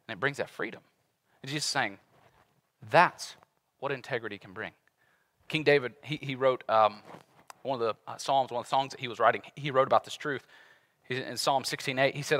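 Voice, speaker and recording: A man in his thirties preaching a conversational sermon as a pastor, animated and acting out everyday voices. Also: mid-range voice, brisk, long pauses. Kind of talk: casual sermon.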